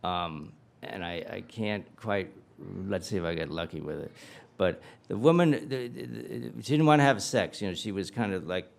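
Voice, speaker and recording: A man's voice: low-pitched, moderate pace, vocal fry. A man giving a humorous guest lecture, telling stories animatedly and acting out dialogue with comic asides.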